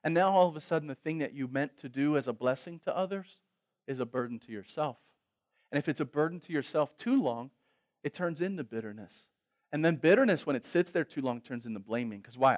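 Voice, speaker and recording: A male pastor preaches with humor, moving between loud exhortation and soft reflection. His voice sits high and swings expressively, full of energy. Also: expressive, brisk. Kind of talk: sermon.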